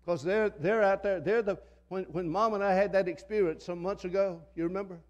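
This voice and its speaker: A man's voice: high-pitched, fairly even intonation, fairly quick, lo-fi sound. An older man preaching a sermon in a church, in a fiery, folksy manner that repeats phrases for emphasis. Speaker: pastor. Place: church sanctuary.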